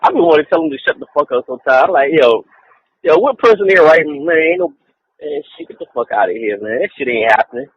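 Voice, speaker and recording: Recorded on an online call with dull lo-fi audio and faint hiss, this podcast co-host chats casually, rambling through profane rants and laughing a lot between comments. He talks fast with lively intonation in a fairly high, slightly rough voice, with no echo.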